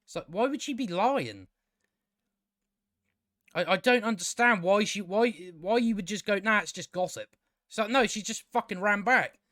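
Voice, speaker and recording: A man's voice: sits high, animated, normal speed, long pauses, fairly bright tone, no room sound, clean studio sound. A man giving a casual, rambling review of a TV episode, exasperated and incredulous, with many fillers and restarts. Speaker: TV show reviewer.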